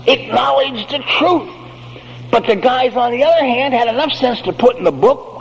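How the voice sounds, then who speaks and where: An older man giving a recovery talk to an audience, with a blunt, profane and animated way of telling stories. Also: very high voice, a little slow. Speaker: recovery speaker. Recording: faint noise, long hall reverb.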